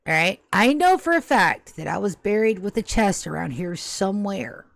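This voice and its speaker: A woman's voice: medium pitch, lively intonation, normal speed, creaky, dry recording. A woman voicing a centuries-old ghost who is stuck and anxious, stammering and rambling as she begs for help during a tabletop game. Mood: flustered. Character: restless centuries-old ghost, pleading and flustered. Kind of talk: tabletop game role-play.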